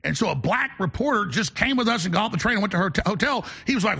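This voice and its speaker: A man's voice: high-pitched, sing-song, gravelly, pushed and bright, slightly rough. A man hosting a talk radio show, delivering an emphatic, ranting opinion monologue. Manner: emphatic, ranting, fast-talking.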